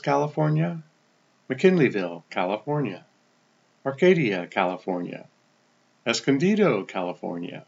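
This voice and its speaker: Casting note: man podcast host, easygoing, list-reading delivery, muffled lo-fi sound. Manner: relaxed, stumbles over foreign names and apologizes; pitch drops at the end of each place name. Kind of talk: casual podcast update, reading a list of listener locations.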